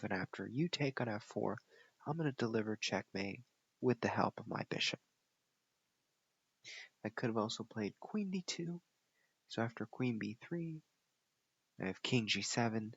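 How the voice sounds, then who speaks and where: A low-voiced man with a gravelly, husky tone goes through the moves of a chess game. He explains each step in a patient teaching way, on a dull lo-fi recording. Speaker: chess coach reviewing his game.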